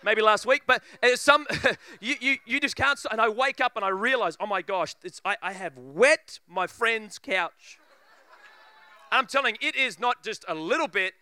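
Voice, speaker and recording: A preacher telling a funny story in a sermon, acting out voices and laughing often. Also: male voice, high-pitched, lively intonation, normal speed, sharp tone, clean tone, dry recording.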